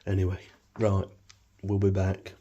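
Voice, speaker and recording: Dry, rambling man, low voice. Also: monotone, measured pace, mellow, slightly rough, highs cut off. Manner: rambling, dry and wry with many fillers. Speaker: food reviewer. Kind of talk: casual food review vlog. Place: home kitchen.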